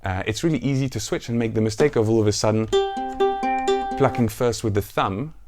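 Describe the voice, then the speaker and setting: A man teaching a ukulele song, counting beats aloud and explaining the plucking pattern in a relaxed, casual way. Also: fairly low pitch, brisk. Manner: counts beats aloud and sings lines softly. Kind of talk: music tutorial with counting and singing. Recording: ukulele music under the voice. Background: ukulele playing.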